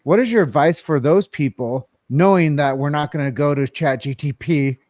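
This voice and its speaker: A man's voice: a little high, normal speed, darkish tone, no room sound. Earnest podcast co-host man, dry close sound. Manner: earnest, rambling with restarts. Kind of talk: casual podcast chat.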